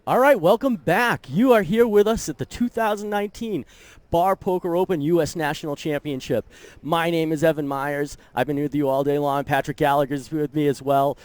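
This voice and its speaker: A man's voice: fairly high pitch, steady tone, a little fast, darkish tone, clean tone, no room sound. An upbeat male host anchors a live poker championship broadcast. He sounds enthusiastic and keeps the conversation moving. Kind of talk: live tournament broadcast commentary.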